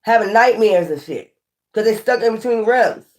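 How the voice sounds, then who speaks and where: A woman giving a casual, animated tarot reading, often scolding and repeating herself. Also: fairly high pitch, moderate pace. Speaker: tarot reader.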